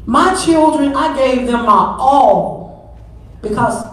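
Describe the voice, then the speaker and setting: A woman's voice: sits high, animated, slow. Middle-aged first lady preaching, repeats herself for emphasis, big echoey church, mic kinda far. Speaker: pastor's wife preaching. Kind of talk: Mother's Day sermon. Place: large church sanctuary.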